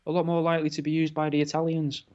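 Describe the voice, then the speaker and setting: A man co-hosting a podcast in relaxed casual chat, tossing out silly ideas. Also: fairly high pitch, racing. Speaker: podcast co-host. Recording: dull lo-fi sound.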